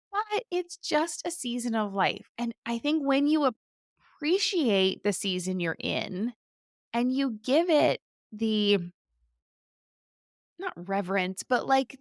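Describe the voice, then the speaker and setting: A woman's voice: a little high, no room sound, clean studio sound. A woman in her thirties hosting a podcast interview, enthusiastic and chatty, often tagging her points with "right?". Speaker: podcast host. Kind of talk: casual interview chat.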